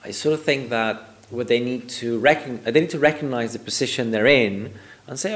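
A man's voice: medium pitch, moderate pace, a bit bright. A man as a guest on a podcast, explaining his views thoughtfully and often checking in with a "right?". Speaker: guest expert. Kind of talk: podcast conversation.

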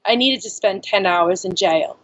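A woman's voice: mid-range voice, normal speed, a bit bright, lo-fi sound. A woman speaking as a podcast guest, telling her own story candidly and frankly, filling her speech with "like" and "you know.".

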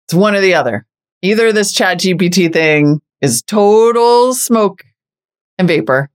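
An expressive podcast co-host in a mid-pitched voice, chatting casually. This speaker reacts readily and fills the gaps with short affirmations. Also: a little slow, smooth. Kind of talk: casual chat.

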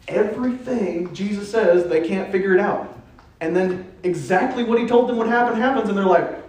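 A man preaching a sermon in a church, playful and animated, dropping suddenly to a hush. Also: sits high, normal speed. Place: church sanctuary. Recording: echoey church hall.

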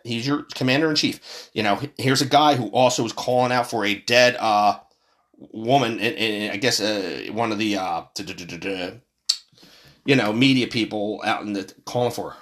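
Brief: a fuming male commentator who swears and trips over his words, voice neither high nor low. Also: moderate pace. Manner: heated, swearing, repeats himself. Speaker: political commentator. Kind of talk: angry profane political rant.

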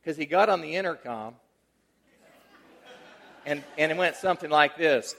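Against a faint crowd, a middle-aged pastor with a higher-than-typical male voice tells a personal story in his sermon. His gravelly delivery runs at a moderate pace, conversational in tone, alternating energetic emphasis with a soft, tender hush.

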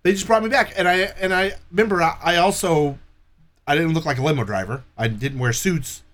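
Brisk and on the high side, a man's voice carries a long story told as a guest in a casual chat. He swears plenty, stays animated, and voices the quoted people himself.

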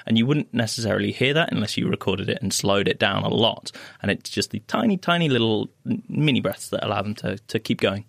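Middle-aged male science panelist, low voice, patient explainer, dry studio. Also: lively intonation, a little fast, creaky, hardly any pauses, fairly bright tone, no room sound. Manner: explanatory, with restarts. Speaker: panel guest.

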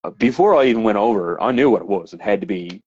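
Newfoundland plumber telling rowdy stories. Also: male voice, fairly low pitch, quick pace, husky, dry recording. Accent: Newfoundland English. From Newfoundland, Canada. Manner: animated, laughing storyteller with frequent fillers and swearing. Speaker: plumber and podcast guest. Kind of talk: casual storytelling chat. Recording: slightly dull, dry podcast audio.

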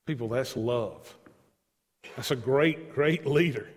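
A pastor preaches an evening sermon in a church sanctuary, earnest and emphatic, breaking into pleading asides. His husky voice sits in the mid-range and moves at a slow pace. Long church-hall reverb surrounds it.

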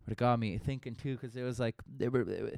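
A man's voice: medium pitch, quick pace, gravelly, darkish tone, no room sound, clean studio sound. A young man, a comedian, rambling through a profane, casual podcast monologue full of fillers.

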